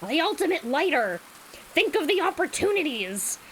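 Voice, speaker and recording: A woman's voice: sits high, very animated, moderate pace, slight background noise, pitched above the performer's own voice, poor audio. A woman voicing a grandiose, chain-smoking woman gang boss in a fanfiction reading.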